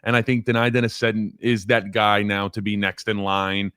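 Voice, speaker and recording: A former college offensive lineman, appearing as a guest on a sports podcast, chats casually, rambling, repeating words, and laughing self-deprecatingly at his own stories. His voice is on the low side, clear and resonant with a fairly bright tone and little pitch movement, at a moderate pace. The recording is dry and clean, with studio sound.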